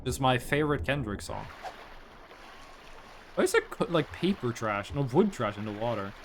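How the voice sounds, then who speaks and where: Chatty streamer with lively, swinging pitch. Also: moderate pace, a little hiss or hum. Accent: American-sounding. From Norway. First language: Norwegian. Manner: rambling, chatty, full of likes. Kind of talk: casual gameplay commentary.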